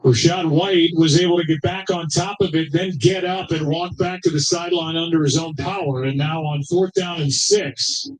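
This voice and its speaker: A man with a high, bright-edged speaking pitch calls a football game live. He moves briskly from play to play, naming who did what on the field. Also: steady tone, rough recording. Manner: brisk, descriptive call of each play. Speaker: play-by-play commentator.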